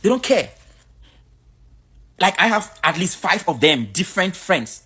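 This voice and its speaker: A woman's voice: lowish voice, big pitch swings, a little slow, a bit bright, husky. A woman from Cameroon, giving a blunt, outspoken vlog monologue. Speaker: vlogger.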